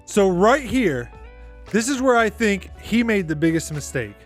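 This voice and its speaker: Podcast host, male, high voice, talks in a loose, exasperated ramble. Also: sing-song, measured pace, faint music behind. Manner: rambling, exasperated, heavy use of "like". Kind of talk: casual reaction commentary.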